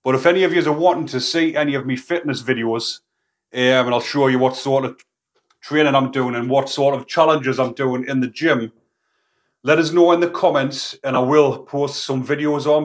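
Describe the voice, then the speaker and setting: Bloke rambling on to his channel, informal slang, bit breathless. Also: medium pitch. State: a little out of breath. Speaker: channel host. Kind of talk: casual talk to camera.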